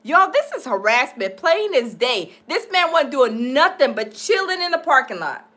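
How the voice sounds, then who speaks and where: A woman's voice: high voice, normal speed. A woman hosting a live stream, chatting casually and laughing as she reacts to a video for her viewers. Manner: animated, laughing, addresses viewers as y'all.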